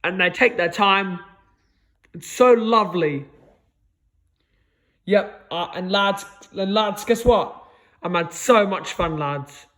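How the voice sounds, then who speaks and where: Male vlogger with a high voice, rambling monologue, stutters and restarts, drops to a low mumble at phrase ends. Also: takes it slowly, long pauses, a bit bright. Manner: repeats "lads" in a low mutter, stammering restarts.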